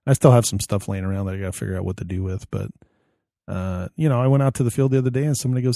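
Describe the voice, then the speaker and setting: Podcast co-host, male, gravelly low-toned voice, loose anecdotal delivery. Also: racing, mellow, dry recording, studio quality. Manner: rambling storyteller, acts out quoted dialogue. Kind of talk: casual chat.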